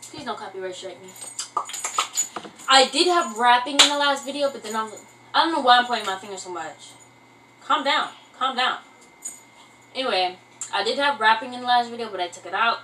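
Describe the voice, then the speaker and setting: A woman's voice: on the high side, sharp tone, recorded from a distance, slight background noise, rough recording. A young woman vlogging in casual chat, rambling and self-mocking, who keeps breaking into bits of song. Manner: breaks into singing snatches. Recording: voice from away from the mic.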